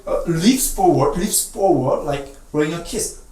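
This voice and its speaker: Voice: mid-range voice, sing-song, slow pace, mellow. A Korean language teacher giving a playful beginner lesson, drilling sounds through repetition and jokey comparisons. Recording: roomy, distant mic, faint music behind.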